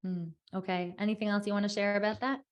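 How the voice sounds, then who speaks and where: A woman's voice: medium pitch, flat delivery, fast talker, muffled recording. A woman teacher leads a video call with a group of kids. She chats in a playful, encouraging way and often checks that they follow her. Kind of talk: casual group chat with children.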